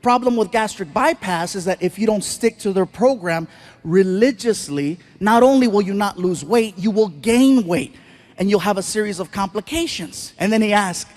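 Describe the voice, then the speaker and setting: A man doing stand-up comedy, telling stories in an animated, playful way and slipping into voices. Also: sits high, moderate pace. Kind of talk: stand-up storytelling.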